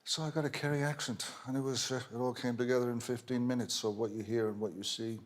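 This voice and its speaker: A man's voice: mid-range voice, fast. Irish man telling stories on a talk show. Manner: relaxed storytelling with hesitations. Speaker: actor guest.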